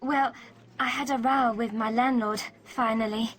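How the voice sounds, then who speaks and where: A woman's voice: a little high, steady tone, measured pace, fairly bright tone, slightly rough. A chatty young woman. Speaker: actress in a recorded English learning drama. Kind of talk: scripted radio drama dialogue.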